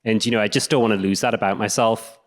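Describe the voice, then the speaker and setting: A man's voice: fairly low pitch, steady tone, fast. A man with an English accent giving a self-deprecating, conversational live talk. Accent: English regional. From England. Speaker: speaker. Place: stage in a hall. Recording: echoey hall.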